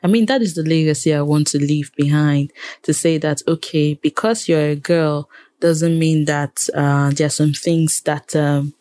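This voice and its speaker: Low-voiced Nigerian woman, animated. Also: measured pace. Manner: animated, exasperated, repeats phrases for emphasis. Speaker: radio presenter and programmer, guest. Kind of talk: casual interview chat.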